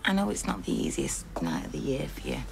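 A woman's voice: medium pitch, big pitch swings, moderate pace, vocal fry. A woman with a Northern English accent in a television soap drama, talking in a dry, teasing way.

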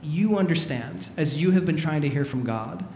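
A fairly high-voiced man preaches in a big, echoey hall where his words ring out with a long reverb. He tells his story with animated energy and acts out the panicked voices of the people in it. A faint hiss sits under the recording. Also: normal speed, gravelly. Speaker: pastor. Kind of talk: sermon.

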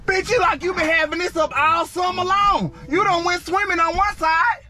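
A young man in a car, scolding a friend loudly with profanity and dramatic threats. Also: very high voice, fairly even intonation, normal speed. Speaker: prank video co-star. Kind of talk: loud scolding banter. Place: inside a car.

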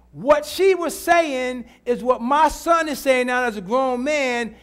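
A man's voice: very high voice, moderate pace, hardly any pauses, fairly bright tone. A middle-aged man preaching a sermon in church, repeating his lines and calling out to the congregation. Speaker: pastor.

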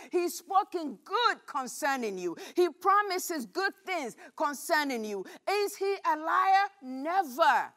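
A woman pastor preaching a midweek sermon, telling a Bible story with animated rhetorical questions. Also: very high-pitched, slow pace, few pauses.

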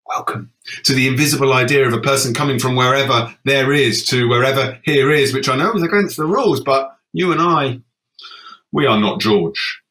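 A man performing his own poetic text on a festival stage, moving from brisk sarcasm to hushed, slow gravity. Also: medium pitch. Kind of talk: dramatic spoken-word performance. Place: festival stage, live audience.

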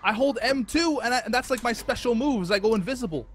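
A man's voice: very high voice, fast, slightly rough. A man playing the killer in a multiplayer horror game, chatting playfully and teasing his friends with mock threats. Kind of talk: casual multiplayer game chat.

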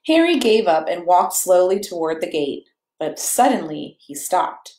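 A woman reading a picture book aloud to children in a playful, animated way, chatting to them and to her dog between pages. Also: lowish voice, measured pace. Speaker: children's story reader. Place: church or home room, echoey. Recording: echoey room.

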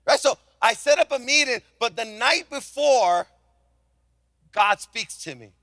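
A man preaching a sermon as senior pastor, telling a story with animated delivery and acted-out voices. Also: extremely high pitch, measured pace, no room sound, studio quality.

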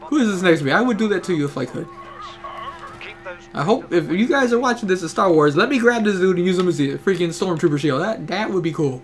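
A man's voice: high-pitched, expressive, quick pace. A young man hosting casual gameplay commentary, joking, swearing and laughing often. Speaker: gaming channel host.

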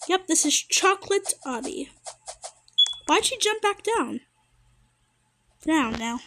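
A woman giving casual gameplay commentary, chatty and excitable and easily startled. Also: very high voice, takes it slowly, background noise. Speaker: gamer.

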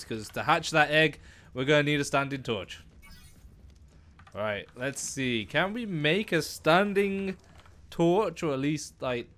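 A young man giving excitable let's-play commentary, talking to the animals and exclaiming often. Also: a little high. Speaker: gaming YouTuber.

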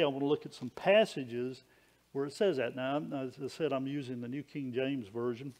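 A man's voice: mid-range voice, vocal fry, darkish tone. A man preaching a sermon in a folksy, conversational way, with small stories and frequent restarts.

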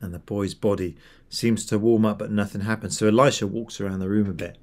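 A man preaching a sermon, retelling a Bible story in a lively, conversational way and voicing the characters as he goes. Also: on the low side, fairly quick.

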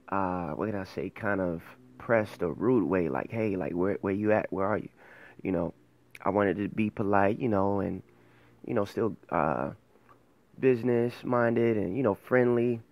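A man's voice: fairly low pitch, a little slow, dry recording, muffled recording. A man hosting his own faith show, talking casually and earnestly to camera, rambling and correcting himself as he goes. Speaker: host of an online faith show.

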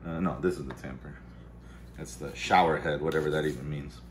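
Male vlogger, deep, punchy delivery; loose, swearing, muttering asides; faint background noise. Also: fairly even intonation, fairly quick. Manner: rambling, profane, mutters to himself. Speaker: vlog host. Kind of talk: casual chat while making coffee. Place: home kitchen-dining room.

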